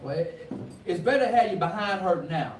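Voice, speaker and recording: A man preaching a sermon with call-and-response, rising from quiet talk to loud cries. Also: high voice, animated, a little fast. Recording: echoey room, from far off, faint noise.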